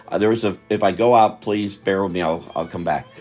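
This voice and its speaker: A man's voice: deep voice, brisk, darkish tone, soft background music. An older man chatting on a live stream while he draws, rambling and interrupting himself, tired. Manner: meandering, self-interrupting, chatty.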